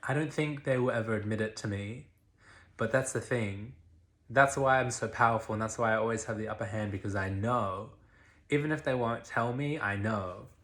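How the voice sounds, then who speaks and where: A young man records a candid confessional vlog in a lowish voice at normal speed. He swears freely and swings between murmurs and loud outbursts.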